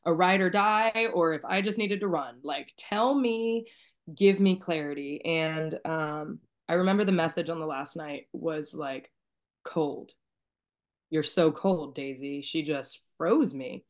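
A woman with a low-pitched voice shares a deeply personal story as a guest. She speaks softly and emotionally, at times near tears, and her phrases trail off into quiet murmurs. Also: a little slow. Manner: soft-spoken, tearful at times, trailing off quietly. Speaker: podcast guest.

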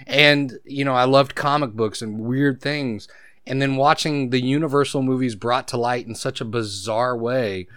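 Guy on a podcast mic, smooth clear voice, dry sound, excited about old movies. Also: mid-range voice, normal speed, dry recording. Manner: enthusiastic, nostalgic, fond of quoting movies. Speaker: podcast co-host. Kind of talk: casual chat. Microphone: own podcast microphone.

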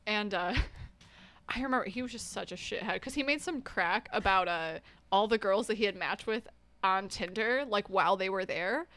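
A woman's voice: mid-range voice, moderate pace, fairly bright tone, no room sound. A young woman in her twenties co-hosting a podcast, telling a rambling story full of fillers and laughs. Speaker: podcast co-host. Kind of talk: casual chat.

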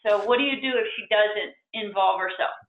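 A woman's voice: medium pitch, brisk, reverberant. Hesitant woman on a tinny phone line. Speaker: parent calling in. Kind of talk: asking questions on a call.

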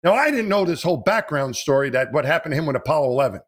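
Animated man telling a story. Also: a little high, racing. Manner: animated, laughs while telling stories. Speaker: astronaut guest telling stories. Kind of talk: casual storytelling chat.

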